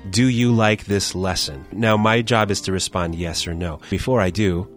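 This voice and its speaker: Low-voiced man explaining grammar. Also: normal speed, faint music behind. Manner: explanatory, playful teasing. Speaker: language podcast co-host. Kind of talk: scripted language lesson banter.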